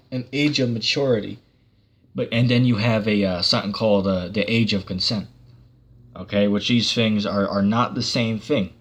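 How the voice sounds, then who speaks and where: A man's voice: fairly low pitch, a bit bright. A man giving a casual online sermon, rambling with many fillers and breaking into sarcastic bursts. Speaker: preacher.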